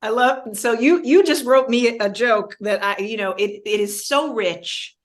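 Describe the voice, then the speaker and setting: A woman talks in a lively, rambling way, full of restarts and side remarks. She chats casually as a guest in an interview. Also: a little high, a little slow. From New York, born in Baltimore. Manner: animated, digressive, many restarts and asides. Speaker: guest performer.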